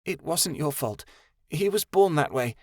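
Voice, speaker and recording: Fierce, sharp-tongued warrior woman, voiced by a male narrator; high pitch, clipped and tense. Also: big pitch swings, normal speed, no echo, clean studio sound.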